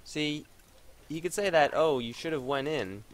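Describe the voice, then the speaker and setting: Cursing gamer muttering through a match. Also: male voice, on the high side, moderate pace. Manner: profane, frustrated muttering with sudden outbursts. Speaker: gamer commenting on his own match. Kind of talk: live gameplay commentary.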